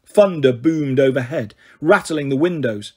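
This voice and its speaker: Husky man reading a story aloud. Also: medium pitch, measured pace. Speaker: audiobook reader. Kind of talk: first-person audiobook narration.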